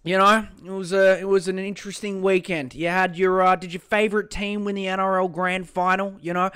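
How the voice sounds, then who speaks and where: Sweary sarcastic Australian man, smooth and high. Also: fairly quick. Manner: sweary, sarcastic, swings between loud mock-excitement and low mutters. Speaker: podcast host. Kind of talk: casual solo podcast rant.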